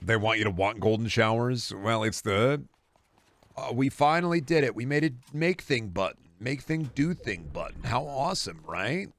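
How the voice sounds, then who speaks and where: A man's voice: medium pitch, moderate pace, fairly bright tone. A man streaming a game, chatting casually in a sarcastic, repetitive rant.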